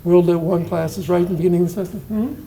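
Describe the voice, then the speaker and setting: A man's voice: sits high, steady tone, rapid-fire, warm tone, slight background noise, poor audio. A man in his sixties, a retiring professor giving an informal poetry lecture at an indoor reception, often asking his listeners questions and restarting his sentences.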